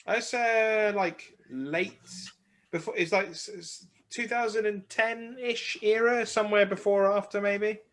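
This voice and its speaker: A man's voice: high voice, steady tone, measured pace, a bit bright. A man co-hosting a casual wine podcast, laid-back, hesitant and giggly. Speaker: podcast co-host. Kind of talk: casual chat over wine.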